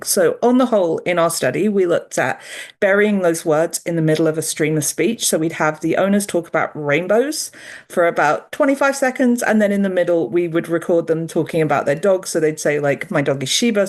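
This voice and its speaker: Lady scientist, chatty and friendly, breaking down her research. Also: fairly low pitch. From United Kingdom. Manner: friendly, explanatory, upbeat. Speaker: dog behavior researcher. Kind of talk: remote interview guest.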